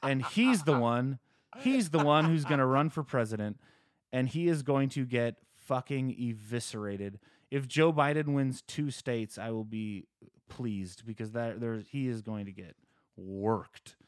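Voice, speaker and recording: A man's voice: mid-range voice, measured pace, dry recording, studio quality. A man co-hosting a podcast, talking in a sarcastic, angry, casual way. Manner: sarcastic, angry political ranting. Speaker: podcast co-host. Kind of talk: casual chat.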